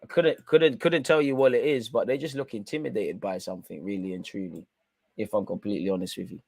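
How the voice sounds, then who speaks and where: A man's voice: on the low side, steady tone, quick pace, gravelly, darkish tone, no echo. A young man hosting a live football watch-along, chatting in slang straight to his viewers. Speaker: live stream host.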